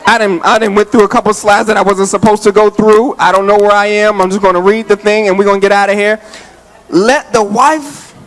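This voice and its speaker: A man, an associate pastor, preaching a lively sermon to his congregation, casual and joking, out of breath as he talks. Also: sits high, fast, hardly any pauses. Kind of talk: lively Father's Day sermon. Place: church sanctuary.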